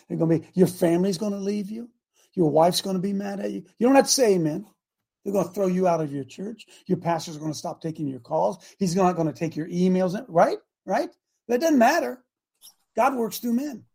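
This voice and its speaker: Host, male, gravelly and husky, fiery preacher energy, shouts then drops low. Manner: exhorting, swings from shouts to quiet asides. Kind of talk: fiery preaching talk show.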